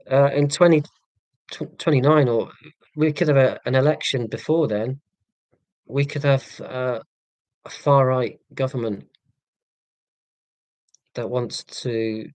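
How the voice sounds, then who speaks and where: A man chatting casually on a live stream in a flat monotone, with a dry, self-deprecating sense of humour. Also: mid-range voice, no room sound. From England. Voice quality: monotone delivery.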